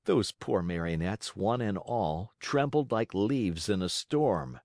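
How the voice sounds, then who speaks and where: Male audiobook narrator, low and animated, expressive storytelling, dry close-mic sound. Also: takes it slowly, dry recording. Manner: expressive storytelling with voiced characters. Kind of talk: scripted narration.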